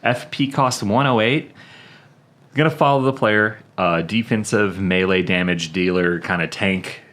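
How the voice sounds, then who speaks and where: A man's voice: lowish voice, measured pace, fairly bright tone. A laid-back man co-hosting a gaming podcast, reading game text aloud, swearing casually and stumbling over words. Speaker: podcast co-host.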